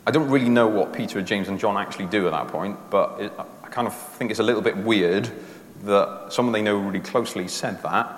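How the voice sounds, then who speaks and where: A man with a lowish voice preaches a sermon in a relaxed, conversational way. He walks through his points step by step and uses everyday examples. The sound is roomy, with a long reverb from a large hall. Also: fairly quick.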